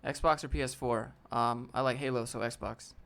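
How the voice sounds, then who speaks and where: Man, livestream host, casual Q&A, blunt, slangy, mid pitch. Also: steady tone, moderate pace, vocal fry, a bit bright, clear, resonant tone. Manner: blunt, answers chat questions and critiques a viewer's portfolio; casual slang, calls viewers fam and dude. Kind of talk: casual live Q&A. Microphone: desk setup with a DSLR camera.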